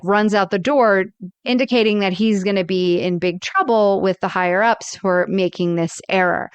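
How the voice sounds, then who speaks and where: Smooth-voiced animated female podcast co-host. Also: medium pitch, normal speed, no echo, dull audio. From Florida. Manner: animated storyteller, acts out characters' lines. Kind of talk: casual chat.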